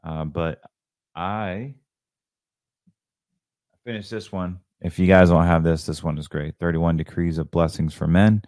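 Low-voiced hyped podcast man. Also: fairly even intonation, a little slow, long pauses, a little mellow, no room sound, studio quality. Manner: enthusiastic, rambling, hyped. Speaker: podcast host. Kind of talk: casual solo podcast monologue.

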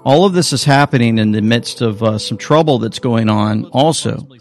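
Gravelly-voiced male show host. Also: mid-range voice, normal speed, faint music behind. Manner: chatty, earnest, preachy. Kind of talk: casual commentary.

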